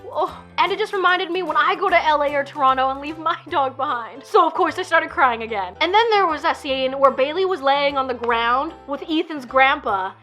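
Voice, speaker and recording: Bright, high-voiced teary young woman. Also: brisk, few pauses, soft background music. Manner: emotional, gushing, laughs through tears. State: teary, on the verge of crying. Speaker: YouTuber reviewing a film. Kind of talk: casual vlog talk to camera.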